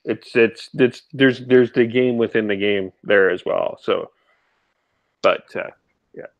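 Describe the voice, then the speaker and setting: A man's voice: lowish voice, takes it slowly, no echo. A man co-hosting a live football reaction stream, chatting easily with dry jokes. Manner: easygoing, dry jokes, hesitant restarts. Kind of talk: casual sports chat.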